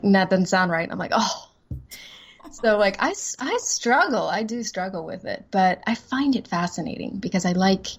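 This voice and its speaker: Woman guest, low-pitched, rambling and self-deprecating, laughs easily in casual chat. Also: husky. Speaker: voice-over actress guest.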